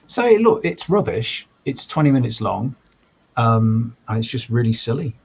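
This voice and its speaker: A man's voice: mid-range voice, sing-song, a little slow, vocal fry, a little mellow, slightly rough. A self-deprecating man, a podcast guest in casual chat. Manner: self-deprecating, laid-back.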